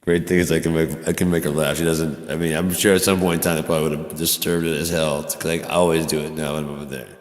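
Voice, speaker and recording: A man's voice: a bass voice, level tone, fast, hardly any pauses. A man chatting casually and rambling through a livestream, jokey and profane. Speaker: streamer. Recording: echoey room with long reverb.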